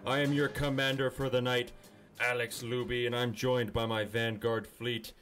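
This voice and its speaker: A man's voice: mid-range voice, flat delivery, moderate pace, a bit bright, faint music behind. A man hosting a casual podcast, eager and playful. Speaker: podcast host.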